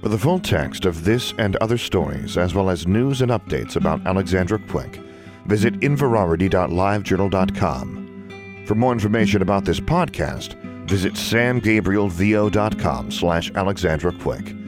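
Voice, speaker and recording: A man narrating a story podcast with a steady, measured reading. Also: sits low, over music. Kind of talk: audiobook narration.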